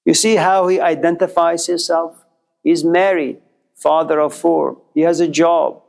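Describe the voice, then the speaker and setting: A man's voice: little pitch movement, unhurried, vocal fry, darkish tone. A man giving a storytelling lecture, talking conversationally and speaking straight to his listeners. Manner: conversational, addresses listeners directly; acts out quoted characters with jumps in pitch.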